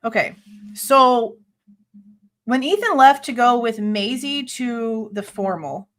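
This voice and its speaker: A woman's voice: on the high side, animated, slow pace. Blunt, skeptical true crime host woman. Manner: blunt, exasperated, sharply skeptical; casual swearing. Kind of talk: live commentary reading and reacting to a police report.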